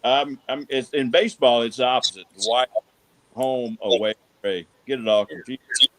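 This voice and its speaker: A man's voice: mid-range voice, fairly even intonation, moderate pace, a bit bright, no room sound. A man co-hosting a casual sports talk show, rambling and hesitant with lots of filler words. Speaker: co-host.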